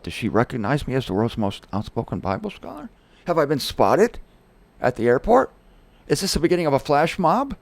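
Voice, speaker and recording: A middle-aged man hosting his show, telling a personal story in a casual, animated way and acting out the voices of the people in it. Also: medium pitch. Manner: animated, quoting others in acted-out voices. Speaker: host.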